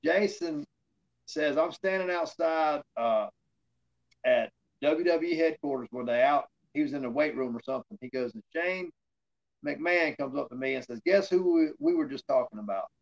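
A man with a drawl tells stories as an interview guest. His voice sits a little high, and he acts out the lines other people said to him. The audio is slightly dull and lo-fi. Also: lively intonation, normal speed, gravelly. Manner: rambling anecdotes with fillers, acting out quoted dialogue. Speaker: interview guest, former wrestler. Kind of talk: casual storytelling in an interview.

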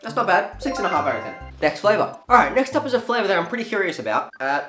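A young man taste-testing drinks in a casual vlog, excitable and swearing freely. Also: high-pitched, quick pace. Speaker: YouTuber. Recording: echoey room with faint music.

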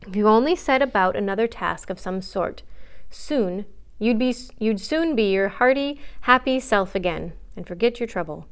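A frank, observant young woman from a classic storybook speaks her mind to a friend, read aloud by a woman. She is earnest and gently scolding, kind underneath but unwilling to let him off easily. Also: medium pitch, expressive, moderate pace, clear, resonant tone, lightly acted. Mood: lecturing.

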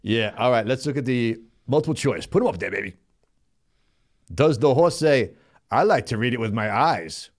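Animated and at normal speed, a man with a mid-range voice plays a goofy, brash male host doing Stallone on a live comedy show. His delivery is a mumbling tough-guy drawl, the tone is jokey, and he cheerfully bosses the sidekick and crew.

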